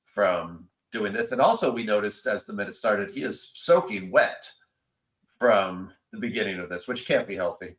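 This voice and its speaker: A man hosting a podcast, talking in an animated, enthusiastic way. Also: lowish voice, normal speed, poor audio. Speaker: podcast host. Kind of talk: casual chat.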